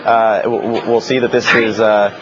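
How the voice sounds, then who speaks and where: A man giving a TV news interview as a protest organizer, earnest and halting, with many fillers. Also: lowish voice, level tone, highs cut off.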